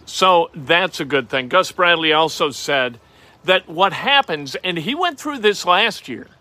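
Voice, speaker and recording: Animated wisecracking male sports host. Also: on the high side, measured pace. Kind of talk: casual opinionated sports talk.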